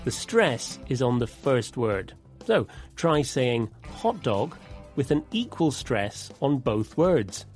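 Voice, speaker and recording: A man co-hosting a scripted English vocabulary lesson, explaining in a clear, deliberate way. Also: mid-range voice, sing-song, soft background music. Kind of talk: scripted teaching dialogue.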